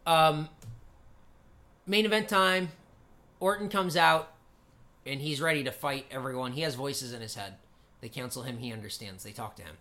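A man's voice: medium pitch, moderate pace, long pauses, bright, forceful tone. A man co-hosting a casual podcast, walking through a wrestling show play by play in a rambling way with lots of fillers and swearing. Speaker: podcast co-host. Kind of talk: casual wrestling recap chat.

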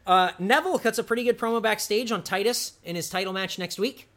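A man's voice: sits high, fast, fairly bright tone. A man co-hosting a podcast, chatting casually and enthusiastically through a wrestling recap, rambling and laughing often. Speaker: podcast co-host.

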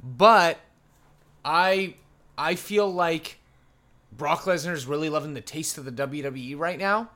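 A man's voice: fairly high pitch, takes it slowly, pauses often, bright, forceful tone. A man co-hosting a casual podcast, giving blunt, sarcastic opinions on wrestling, often repeating himself and swearing. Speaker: podcast co-host.

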